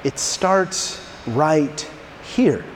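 Brief: high-voiced male pastor, animated storyteller who stumbles into restarts, long reverb in a large hall. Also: extremely slow, slight background noise.

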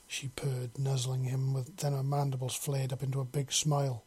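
A man narrating a story in a steady, unhurried reading. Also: mid-range voice, slightly rough.

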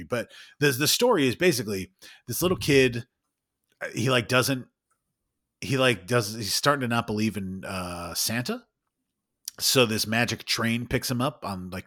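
A man in his thirties co-hosting a podcast, telling an animated, swearing story with lots of laughs. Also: mid-range voice. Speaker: podcast co-host. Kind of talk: casual chat.

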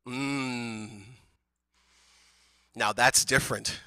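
Lively, bright-voiced woman preaching. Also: a little high, a little slow, dry recording. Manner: casual, conversational, joking asides. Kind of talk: sermon.

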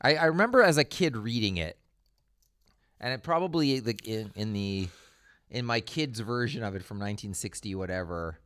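A man's voice: lowish voice, expressive, normal speed, a bit bright, dry recording. A man co-hosting a casual podcast chat, telling stories with a wry, dry humor and laughing often. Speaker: podcast co-host.

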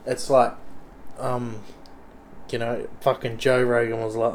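Young Aussie guy, thick accent, mid pitch, rambling sweary vlog monologue. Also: slow pace, a little mellow, slight background noise. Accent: Australian. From Australia. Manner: sweary, rambling, blokey slang.

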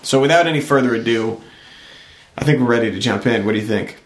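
A man from New Hampshire hosts a loose, profane podcast, joking and cursing as he talks. His voice sits at an ordinary middle pitch. The studio sound is roomy, with a clear echo around him. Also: fast. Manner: brash, swears a lot, joking. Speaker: podcast host. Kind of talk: casual profane podcast chat.

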